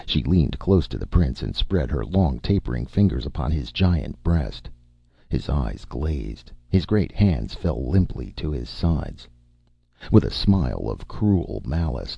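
A man reading a pulp adventure story aloud as a narrator, with a dramatic, expressive delivery. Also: very deep voice, measured pace, creaky, slightly rough, dry recording. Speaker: audiobook narrator. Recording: dull, dry audiobook recording.

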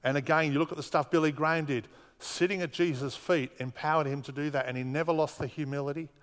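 A man's voice: a little high, steady tone, quick pace. A man preaching a sermon as pastor, earnest, driving home points with repetition. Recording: long reverb of a hall.

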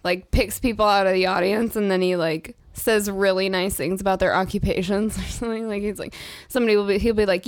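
A woman's voice: mid-range voice, steady tone, brisk. A woman co-hosting a podcast in casual chat. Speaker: podcast co-host.

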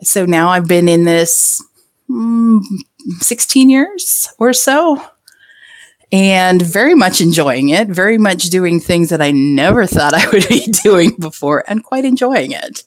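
A woman's voice: lowish voice, expressive, takes it slowly, no echo, studio quality. A woman guest on a podcast, talking frankly and playfully and laughing often. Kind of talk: casual interview chat.

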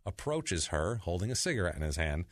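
A man's voice: deep voice, very animated, fairly quick, dry recording, clean studio sound. A man hosting a podcast, retelling a crime story in a loose, casual, profane way with rambling asides. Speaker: podcast host.

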